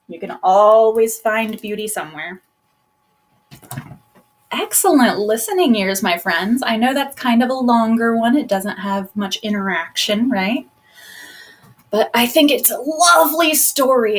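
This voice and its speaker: A woman librarian with a slightly high voice runs a storytime for children from home. She speaks gently and encouragingly, explaining things in simple words to little listeners. The sound comes from a laptop mic. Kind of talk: live online storytime for kids. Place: at home, laptop propped on a box. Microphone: laptop microphone.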